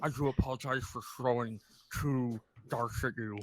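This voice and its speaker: A man's voice: medium pitch, fairly even intonation, moderate pace, a bit bright, a little hiss or hum. A man playing a tabletop game who speaks playfully, often in character. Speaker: player. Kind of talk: casual tabletop play.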